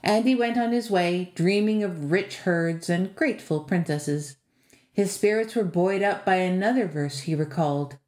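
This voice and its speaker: A woman from Canada reading a fantasy tale aloud with lilting, expressive storytelling. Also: lowish voice, normal speed. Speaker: storyteller and podcast author. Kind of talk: scripted fantasy narration. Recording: echoey room.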